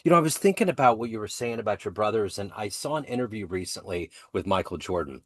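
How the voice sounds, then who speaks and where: A man's voice: fairly low pitch, animated, quick pace, fairly bright tone, dry recording, studio quality. A man hosting an interview, asking questions and backing up his guest with short affirmations. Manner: encouraging, frequent short affirmations. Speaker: interview host. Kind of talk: casual interview talk.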